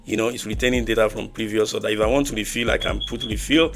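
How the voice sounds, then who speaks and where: Male coding tutor, gravelly low voice, halting delivery full of fillers, faint music under it. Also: steady tone. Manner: halting, repetitive, many fillers and restarts. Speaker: programming tutor. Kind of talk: screen-recorded coding walkthrough.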